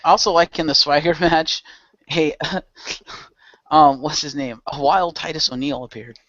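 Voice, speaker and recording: A man's voice: fairly high pitch, fairly even intonation, a little slow, a bit bright, dry recording. A man as a podcast guest, telling stories animatedly and acting out quotes. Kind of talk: casual storytelling. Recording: muffled lo-fi dry audio.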